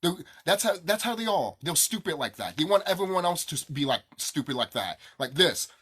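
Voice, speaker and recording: A young man rants straight to his audience, swearing often and circling back over the same points. His voice is husky and bright, and it swings widely in pitch as he heats up. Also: big pitch swings, brisk. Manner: angry, profane, repetitive ranting. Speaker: vlogger. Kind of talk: ranting to camera.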